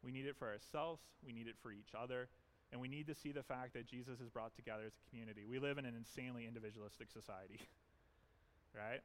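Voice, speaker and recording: A man's voice: mid-range voice, steady tone, quick pace, slight background noise. A man pastor preaching an earnest, emphatic sermon in a church, leaning on repetition.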